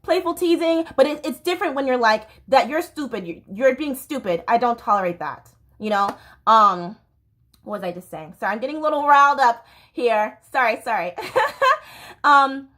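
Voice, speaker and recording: A woman's voice: sits high, sharp tone. A woman hosting a podcast, talking alone in an impassioned, rambling way and often breaking off mid-sentence. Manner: impassioned, rambling, self-interrupting. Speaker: podcast host. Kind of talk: casual monologue. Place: home near a train line.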